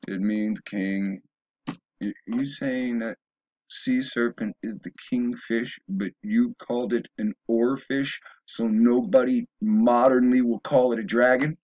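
Man, rambling opinion monologue, husky voice, stumbling restarts, dull lo-fi sound. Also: mid-range voice, steady tone, slow pace, darkish tone. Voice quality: stumbling restarts, emphatic rising bursts. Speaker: video blogger.

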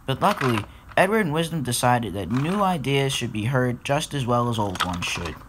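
A man's voice: mid-range voice, animated, moderate pace, noisy background. A man narrating a fan-made storybook episode and talking directly to listeners. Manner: plain reading, talks straight to listeners.

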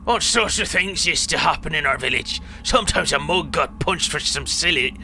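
A man's voice: a little high, expressive, moderate pace, gravelly, pushed and bright, slight background noise, full character voice. A man voicing a bitter, rambling old man in a wheelchair who rants and swears crudely. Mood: scornful.

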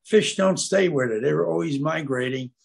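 This guest at an aquarium club is an older man whose voice sits a little high, creaky with a breathy edge, at normal speed. His storytelling is anecdotal and rambling. He meanders and frequently breaks off to find the right word, using lots of fillers.

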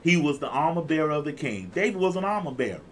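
A man's voice: a little high, very animated, fast talker, slight background noise. A man in his fifties preaching a sermon as pastor, exuberant and repetitive, calling out to his listeners. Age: 50s. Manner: exuberant, call-and-response preaching with repeated phrases.

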